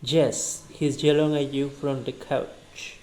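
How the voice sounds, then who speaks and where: Guy practicing english out loud, slow and careful, kinda dark voice. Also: medium pitch, level tone, a little hiss or hum. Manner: slow and halting, restarts phrases. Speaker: English learner. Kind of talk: answering practice questions and reading aloud.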